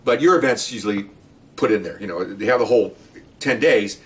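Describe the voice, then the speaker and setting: A middle-aged man and former police detective telling stories from the job in a casual, animated way. He often acts out what people said and keeps checking in with "okay?". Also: fairly low pitch, fairly quick, distant mic. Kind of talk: casual storytelling podcast.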